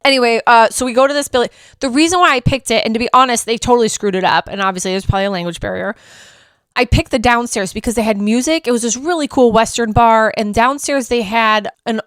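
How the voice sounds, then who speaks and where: A woman hosting a travel vlog, telling her trip story in a chatty, animated way, poking fun at herself and laughing often. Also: fairly high pitch, quick pace, clear, resonant tone, no echo, studio quality. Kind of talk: casual storytelling review.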